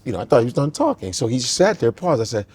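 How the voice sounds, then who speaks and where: A man's voice: medium pitch, fast talker, husky. A man co-hosting a comedy podcast, chatting loosely and acting out his strict father's voice. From Nigerian family in America. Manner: animated, acts out his father's voice. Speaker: podcast co-host. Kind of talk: comedic casual chat.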